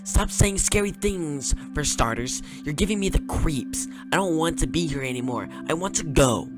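A man's voice: on the high side, expressive, normal speed, over music, pitched above the performer's own voice, natural voice. A man reading a frightened young woman. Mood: scared. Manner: reads her lines in his own voice.

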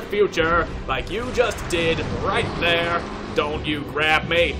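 Slow, playful gaming man, fake-fancy. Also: a little high, music in the background. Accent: put-on English accent. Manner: playful, mock-posh, swears, talks to enemies. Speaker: gameplay commentator. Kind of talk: let's play commentary.

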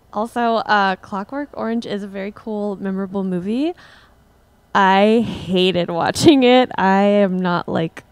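Slow, gravelly-voiced woman chatting on a livestream. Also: mid-range voice. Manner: relaxed, rambling, laughs at herself. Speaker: musician hosting a livestream. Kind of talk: casual chat with viewers between songs.

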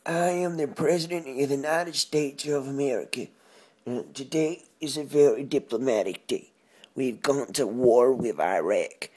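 A man's voice: mid-range voice, moderate pace, darkish tone, husky, voice pushed up, lightly acted. A man putting on a rambling, careless American president. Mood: offhand. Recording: voice from far off the mic.

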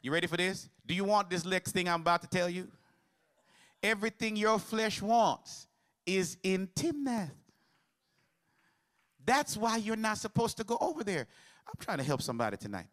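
A man's voice: high voice, lively intonation, normal speed, pauses often, a bit bright. A man preaching a sermon as pastor, mixing humor with call-and-response to the congregation.

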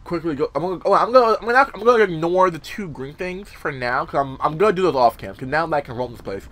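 A young man casually commentating a horror game, rambling with many fillers, swearing, and sometimes yelling. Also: fairly high pitch, animated, quick pace. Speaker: gameplay commentator. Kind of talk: casual let's-play commentary.

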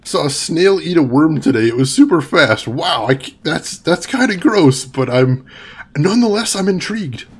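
Chatty male gaming streamer with lively pitch. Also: normal speed, husky. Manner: chatty, reads chat aloud, laughs often. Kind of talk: casual let's-play commentary.

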